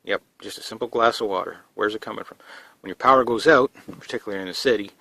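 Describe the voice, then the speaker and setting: A man's voice: lowish voice, fast, gravelly, pushed and bright, dry recording. A man vlogging casually to camera about prepping, talking in a rambling, down-to-earth way with lots of fillers and restarts. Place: indoors in a trailer.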